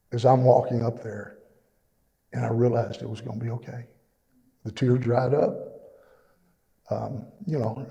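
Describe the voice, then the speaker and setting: A man's voice: mid-range voice, gravelly, mellow. Man, middle-aged, plainspoken church testimony with many fillers, echoing through a reverberant hall. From East Texas. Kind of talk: personal testimony.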